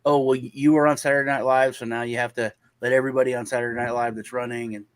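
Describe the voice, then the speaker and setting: Medium in pitch and quick, with no echo, this man is a guest on a casual panel show. He recounts a lengthy anecdote in an animated way, putting on the voices of those he quotes.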